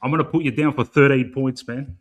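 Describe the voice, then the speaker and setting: A man's voice: medium pitch, fairly even intonation, brisk. Rambling matey Australian man hosting. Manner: rambling, matey, swears freely, many fillers. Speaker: fan show host. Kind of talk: casual live-stream chat.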